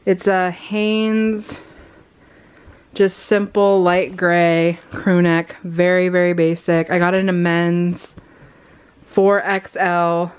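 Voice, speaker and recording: A woman's voice: on the low side, level tone, takes it slowly, clear, resonant tone. A young woman chatting casually to the camera as a vlogger, loose and rambling with many fillers. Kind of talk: casual vlog haul chat.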